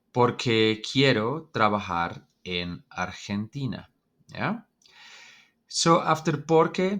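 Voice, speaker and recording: A man's voice: on the low side, sharp tone. A man teaching an online Spanish lesson, explaining in a loose, hesitant way with many ums and uhs.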